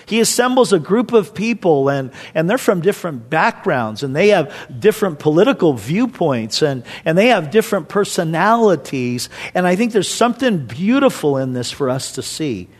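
A man's voice: fairly high pitch, sing-song, moderate pace, hardly any pauses. A man as pastor, giving a conversational, storytelling sermon to a church. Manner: conversational, storytelling, acts out quoted voices.

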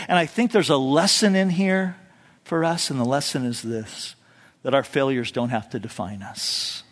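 A man's voice: mid-range voice, lively intonation, moderate pace, fairly bright tone. A male pastor preaching a sermon in a conversational storytelling way, dropping in "you know" asides and acting out quotes with a raised voice. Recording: long reverb of a large hall.

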